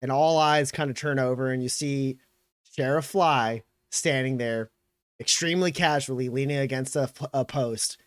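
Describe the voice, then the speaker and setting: A man narrating a tabletop game as game master, in a loose, halting way with many fillers. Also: medium pitch, clean tone, no echo, studio quality.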